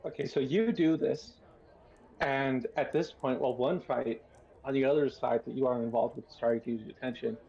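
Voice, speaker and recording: A man with a gravelly, husky voice narrating a tabletop game as game master, unhurried and descriptive. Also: mid-range voice, steady tone, warm tone, muffled recording. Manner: unhurried, descriptive, many fillers.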